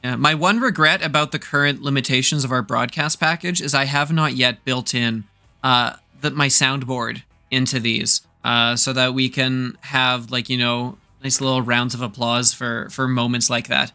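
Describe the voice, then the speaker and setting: A man's voice: mid-range voice, fairly even intonation, normal speed, sharp tone, clear, resonant tone. A man casting a VR esports match with casual, teasing banter toward his co-casters.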